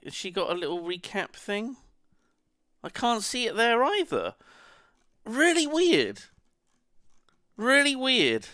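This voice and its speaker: A man's voice: high-pitched, pushed and bright, no room sound, studio quality. A man chatting casually on a live stream, rambling and muttering to himself as he browses.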